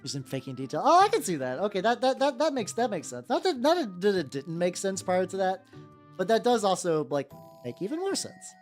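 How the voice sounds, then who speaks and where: A woman's voice: mid-range voice, big pitch swings, fairly quick, a little mellow. A woman in her thirties chatting casually as she paints miniatures, rambling through ideas with constant "like" fillers. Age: 30s. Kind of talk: casual chat while painting. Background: faint background music.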